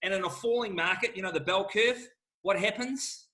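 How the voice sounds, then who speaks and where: A man's voice: high voice, moderate pace, pushed and bright. A middle-aged man, answering questions as an auctioneer in an emphatic, fired-up salesman manner. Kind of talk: lively Q&A answers.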